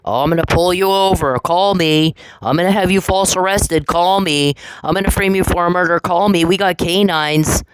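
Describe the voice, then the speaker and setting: A woman's voice: on the low side, normal speed, few pauses, slight background noise, pitched above the performer's own voice, close to an everyday voice, poor audio. A woman voicing a taunting officer in a sneering, mocking singsong.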